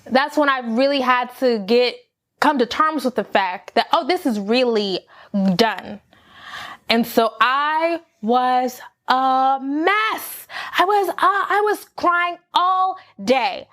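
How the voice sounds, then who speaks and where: A woman's voice: high-pitched, takes it slowly. A young adult woman candidly telling a personal story to camera, acting out her own past lines. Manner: candid, animated, acts out her own quotes. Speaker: vlogger.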